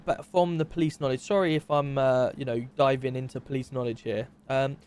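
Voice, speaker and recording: A man's voice: mid-range voice, fairly even intonation, a little fast, darkish tone, smooth, natural voice. A man playing a methodical male police interviewer in a game role-play, carefully recapping and double-checking each detail.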